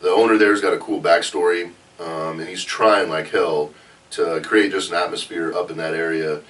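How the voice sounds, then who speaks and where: Guy with a deep voice just chatting on a podcast, laid back, mic kinda far off. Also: fairly even intonation, normal speed, fairly bright tone. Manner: easygoing, laughs often, trails off with fillers. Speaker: powerlifter guest. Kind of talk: casual podcast chat.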